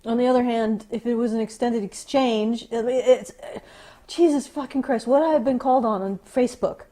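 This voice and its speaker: With a fairly high, mellow voice and a moderate pace, a woman co-hosts a podcast. Her commentary is a casual rant, sarcastic and profane, and she repeatedly cuts herself off to begin again.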